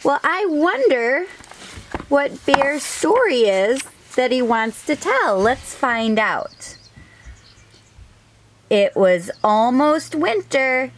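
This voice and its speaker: A woman hosting a children's storytime, reading a picture book aloud gently and asking the children questions. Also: high voice, sing-song, extremely slow.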